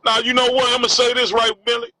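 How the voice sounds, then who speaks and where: A man from D.C. with a high voice and a Southern-tinged D.C. accent hosts a candid conversation. His tone is bright and tense. He talks in long rambling stretches, full of fillers. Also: monotone, fast talker, low-quality recording. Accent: D.C. with a Southern, country tinge. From Washington, D.C. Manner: rambling, with constant "you know what I'm saying" fillers.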